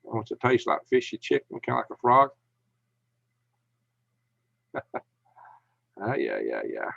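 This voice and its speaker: A man's voice: medium pitch, wildly swooping pitch, slow, creaky, a bit bright, breathy edge, no room sound, dull audio. A man hosting a live stream, telling rambling anecdotes and reading chat with chuckles. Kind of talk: casual storytelling and reading chat.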